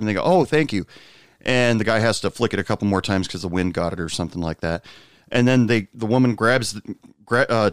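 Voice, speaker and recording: Low-voiced man telling a rambling story. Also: no room sound, clean studio sound. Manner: rambling, many fillers and asides; jumps high when quoting others. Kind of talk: casual anecdote monologue.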